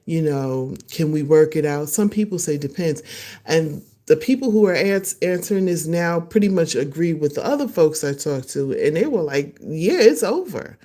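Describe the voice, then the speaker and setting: A woman hosting her own podcast, chatting casually and excitedly to live viewers, laughing often and acting out what others said. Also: deep voice, normal speed. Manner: animated, laughing, acts out voices of others. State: excited and a little nervous. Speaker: podcast host. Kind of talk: casual solo livestream chat.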